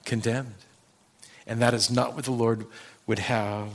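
A man's voice: mid-range voice, little pitch movement, a little slow. A male pastor preaching a sermon, talking conversationally and addressing the congregation directly with personal stories.

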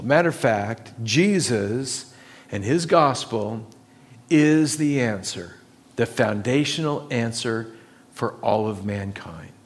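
A man preaching a sermon to his church, slow and emphatic, building on repeated phrases. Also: medium pitch. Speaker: pastor.

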